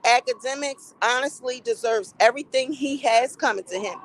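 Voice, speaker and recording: A middle-aged woman giving casual opinion commentary in a blunt, profane, animated gossip style. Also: on the high side, moderate pace, slight background noise, low-quality recording. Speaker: commentary vlogger.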